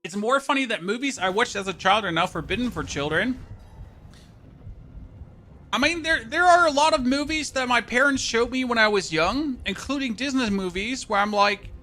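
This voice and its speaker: This German-accented man has a high-pitched, sharp voice. While playing games on a live stream, he chats casually with his audience, rambling, cursing and laughing at himself.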